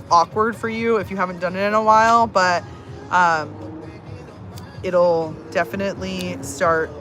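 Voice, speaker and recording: A woman's voice: on the low side, a bit bright, poor audio. A woman in her thirties, a personal growth coach, chatting casually on a livestream with lots of fillers in a bubbly, talkative way.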